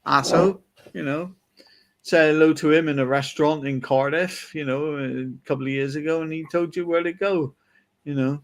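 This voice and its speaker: Man, podcast host, chatty rambling anecdotes, somewhat high voice, filler-heavy. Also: fairly even intonation, moderate pace. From England. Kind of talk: casual chat. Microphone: video call.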